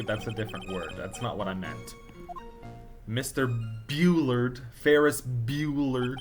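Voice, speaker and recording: A jokey low-voiced man playing a courtroom game. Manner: jokey, riffs and puns between lines, quick asides. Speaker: let's play host reading game dialogue aloud. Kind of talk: playful let's play narration with voiced characters.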